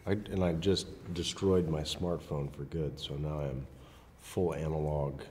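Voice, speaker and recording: Deep-voiced laid-back man. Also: fairly even intonation, measured pace, a little mellow, long reverb tail, slight background noise. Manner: laid-back, candid, swears casually. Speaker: actor guest. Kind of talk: casual interview chat.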